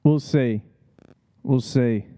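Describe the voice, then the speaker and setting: Slow, mellow-voiced man. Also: mid-range voice. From Australia. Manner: laid-back, profane, rambling with fillers and laughs. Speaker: podcast host. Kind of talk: casual solo podcast talk.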